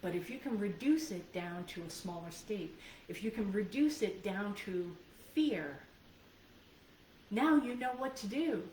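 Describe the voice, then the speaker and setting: A woman's voice: medium pitch, animated, measured pace, a little mellow. Roomy-sounding woman coach giving a training. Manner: earnest, conversational, checks in with listeners. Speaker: life and business coach. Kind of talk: live video training talk. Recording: roomy sound from a distant mic, faint background noise.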